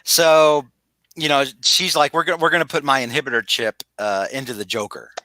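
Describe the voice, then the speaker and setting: A man's voice: on the high side, fairly even intonation, fairly quick, sharp tone, no room sound. A man recapping a comic book on a podcast in a casual, rambling way, full of fillers and restarts, over a video call. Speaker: podcast host.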